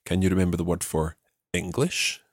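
A man hosting a podcast language lesson, patiently giving English phrases and repeating the answers slowly and clearly. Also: deep voice, steady tone, no echo, studio quality. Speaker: language teacher host.

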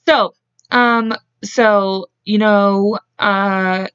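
A woman's voice: medium pitch, fairly even intonation, very slow, a bit bright, smooth, no room sound, lo-fi sound. A woman co-hosting a podcast, telling a true-crime case in a casual, profane, rambling way. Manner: profane, chatty, laughs and goes off on tangents. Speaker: podcast co-host.

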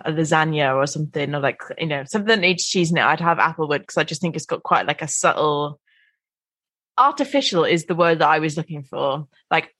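A woman co-hosting a podcast, talking in a relaxed, conversational way. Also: low-pitched, no room sound. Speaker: podcast co-host. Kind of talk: casual chat.

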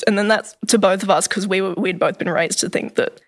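A young woman in casual podcast chat, talking fast and loosely, often saying "like" and acting out quotes. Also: medium pitch, steady tone. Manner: chatty, heavy use of "like", acts out quotes.

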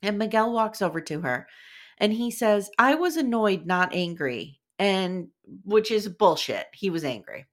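A woman's voice: medium pitch, big pitch swings, unhurried. A woman hosting a casual podcast chat, sarcastic and blunt, swearing freely as she recaps a show.

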